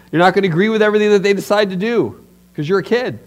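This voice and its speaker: Male pastor preaching in church, lively and emphatic, slightly high-pitched. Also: quick pace. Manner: animated, emphatic preaching with direct address. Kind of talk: sermon.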